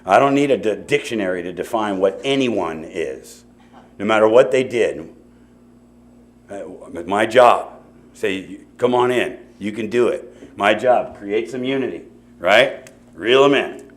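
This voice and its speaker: A man's voice: fairly low pitch, animated, measured pace. Man telling a recovery story. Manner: conversational storytelling with asides and repeated "you know". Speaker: AA meeting speaker. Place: meeting hall before an audience.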